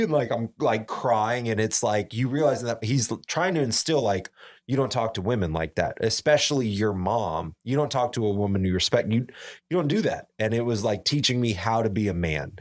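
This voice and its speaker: Chatty young man telling stories. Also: on the low side. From Arizona. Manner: animated storyteller, fills talk with "like". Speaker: podcast guest or co-host. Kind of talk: casual podcast conversation.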